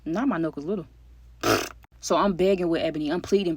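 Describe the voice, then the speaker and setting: A young woman, telling an animated storytime to her viewers on a close mic. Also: on the low side, rapid-fire, no room sound. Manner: animated, addresses viewers as y'all. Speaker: storytime vlogger. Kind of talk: casual storytime.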